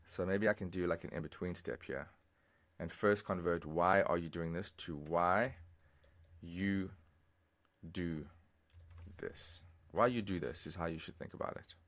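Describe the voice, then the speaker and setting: Deep gravelly guy teaching a lesson, patient, repeats stuff slow, keyboard clicking behind. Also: fairly even intonation, fairly bright tone. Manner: patient, repeats phrases slowly, explains step by step. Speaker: language teacher. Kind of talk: screen-recorded language lesson.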